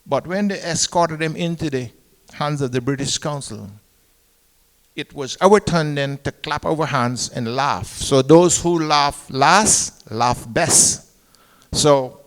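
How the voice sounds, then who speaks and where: A man's voice: a little high, measured pace, a bit bright, big-room sound. An older man recalls his seafaring years for an audience, speaking emphatically and quoting proverbs. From Cayman Islands. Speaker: retired seafarer on a panel. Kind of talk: recollection to an audience.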